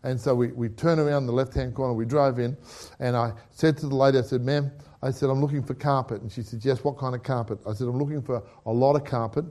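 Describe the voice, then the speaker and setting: A man's voice: medium pitch, quick pace. A middle-aged Australian man preaching a testimony, telling a story with acted-out dialogue and laughter. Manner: animated storyteller who acts out dialogue and laughs.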